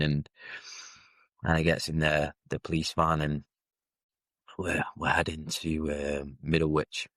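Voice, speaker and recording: A man, telling his own life story as a podcast guest in a halting, reflective way. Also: a bass voice, monotone, a bit bright, no echo. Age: 30s. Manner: reflective, halting, with frequent fillers and restarts. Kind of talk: candid personal storytelling.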